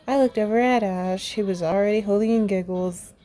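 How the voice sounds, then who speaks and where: A woman's voice: medium pitch, brisk, mellow, soft background music. A young woman reading a fan story aloud, voicing the characters in her own voice and laughing and commenting along the way. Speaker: fan fiction reader.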